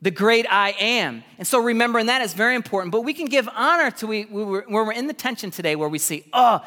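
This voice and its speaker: A man preaching a sermon as pastor, animated, with sudden jumps in pitch and voiced asides, in a church. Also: quick pace. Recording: long reverb of a large hall.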